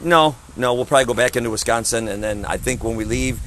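A man's voice: mid-range voice, quick pace, fairly bright tone, a little hiss or hum, low-quality recording. A man in his fifties, a traveling evangelist, preaching emphatically in conversation and repeating his phrases. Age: 50s.

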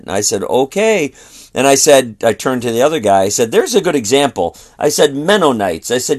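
A man's voice: mid-range voice, expressive, fairly quick. Man retelling a talk with a customer. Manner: retells a conversation, quoting both sides. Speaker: traveling street preacher. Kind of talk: storytelling.

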